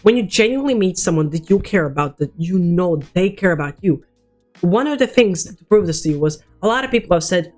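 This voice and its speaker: A man's voice: sits high, animated, a little fast, a little mellow, faint music behind. Rambling teenage boy vlogger. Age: teens. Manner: rambling, swears a lot, frequent restarts. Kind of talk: casual personal storytelling.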